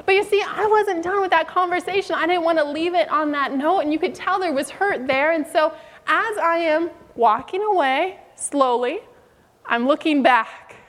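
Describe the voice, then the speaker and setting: A woman's voice: very high voice, normal speed, fairly bright tone, big-room sound. A woman preaching a sermon, telling a story and acting out the voices in it. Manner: storytelling, acts out quoted voices.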